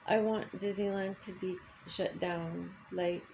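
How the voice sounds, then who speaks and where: A woman's voice: mid-range voice, fairly even intonation, a little slow, vocal fry, a little mellow, slight background noise, rough recording. Older woman ranting angrily, swearing. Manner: angry profane ranting. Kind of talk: personal vlog rant.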